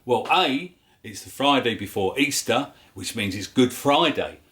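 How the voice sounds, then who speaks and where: A man with a London accent hosts a homemade cooking vlog in a relaxed, chatty way. He cracks little jokes and fills gaps with "um" and "uh." His voice sits in an ordinary middle pitch. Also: a little slow. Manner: chatty and jokey, with filler words. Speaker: cooking show host. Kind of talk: casual home cooking vlog.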